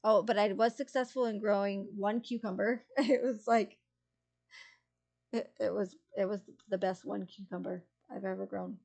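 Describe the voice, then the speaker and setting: A woman streamer chats with her live viewers in a gravelly, mellow voice. She rambles and giggles, trailing off and restarting her sentences. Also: medium pitch, fairly even intonation, moderate pace. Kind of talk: casual chat with live chat.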